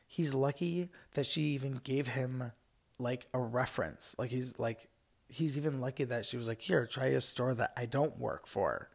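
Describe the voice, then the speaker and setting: A gravelly, medium-pitched man hosts a podcast, reading listener stories aloud. He rambles casually, fills his talk with fillers and asides, and laughs often.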